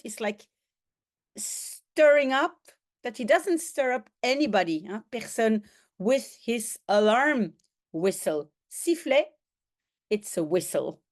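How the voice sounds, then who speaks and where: A woman whose first language is Dutch walks her students through a comic book in a fairly high voice. She reads slowly but with a lively, swooping melody, adding little sound effects along the way. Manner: slow, animated reading with sound effects and quoted voices. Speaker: language teacher. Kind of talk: reading a comic aloud and translating.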